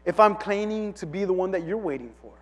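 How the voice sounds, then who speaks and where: Humble quiet prophet guy, preacher doing the voice, soft, lots of hall echo. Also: high voice, animated, fast talker. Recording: long reverb of a large hall.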